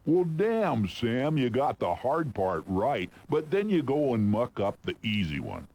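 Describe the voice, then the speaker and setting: An actor playing a suspicious, grumbling guard who talks in a folksy drawl. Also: male voice, mid-range voice, sing-song, unhurried, darkish tone. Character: gruff suspicious male guard on phone.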